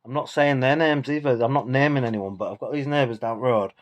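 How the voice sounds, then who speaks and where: A man's voice: medium pitch, quick pace. A man, a bit tipsy from drinking, ranting in a rambling, sweary, indignant monologue for his vlog. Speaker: vlogger.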